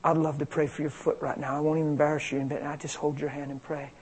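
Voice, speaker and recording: An American man from Pennsylvania preaching an informal sermon on healing, energetic and conversational, swinging between loud and quiet. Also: on the high side, quick pace, a little hiss or hum, low-quality recording. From Pennsylvania, USA. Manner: conversational, energetic, big swings in loudness, plays out dialogue.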